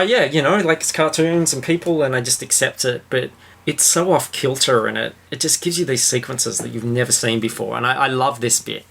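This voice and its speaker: A podcast host with a medium-pitched, creaky, fairly bright voice rambles jokily through a casual chat about a book and its film adaptation. His speech is packed with fillers.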